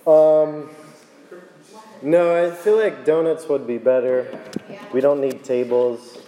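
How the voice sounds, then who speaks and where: A young youth pastor preaches casually in a church meeting hall, out of breath and worn from yelling as he reads scripture and prays. His medium-pitched voice is slow but chatty and excitable, in a roomy hall with long reverb and faint noise.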